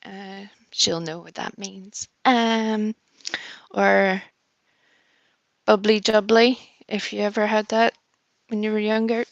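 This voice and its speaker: Woman, livestream host, chatty and giggly, slow unhurried pace, dry close sound. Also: mid-range voice, flat delivery, gravelly, dry recording, muffled recording. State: a bit nervous. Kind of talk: casual chat greeting viewers.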